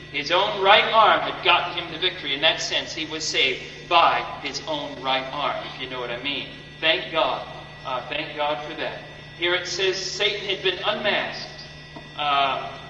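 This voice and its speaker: A man's voice: on the high side, pushed and bright. Fervent preacher man in an echoey hall. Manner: fervent, dramatic, repeats phrases for emphasis. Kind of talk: sermon. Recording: echoey hall, mic far off, dull sound with faint hum.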